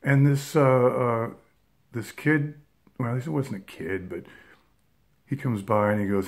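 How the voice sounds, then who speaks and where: A man's voice: mid-range voice, takes it slowly, long pauses. A man in his fifties telling a rambling personal story with many fillers and restarts. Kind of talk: casual anecdote.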